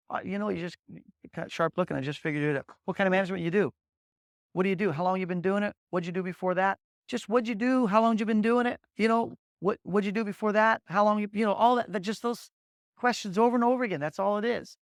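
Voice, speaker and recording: A middle-aged man with a fairly high voice gives an energetic sales training talk. He acts out little sample conversations and often repeats words as he goes. The sound is dry and close, with no room around him. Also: brisk, clean tone, no echo. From Las Vegas, Nevada.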